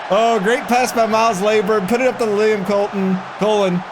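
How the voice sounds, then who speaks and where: Man, streamer, casual game commentary, chatty, reads prompts aloud, higher pitch, faint background noise. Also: steady tone, moderate pace, crowd noise.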